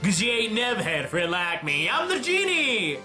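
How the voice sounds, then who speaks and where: A man voicing a loud, boastful male genie with a brash, sing-song delivery. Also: high voice, huge pitch swings, normal speed, soft background music, pitched above the performer's own voice, heavily acted.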